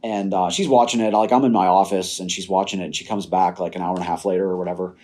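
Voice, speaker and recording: A young adult man, a podcast guest, telling personal stories in a casual, animated way and laughing now and then. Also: deep voice, fast. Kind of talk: casual storytelling.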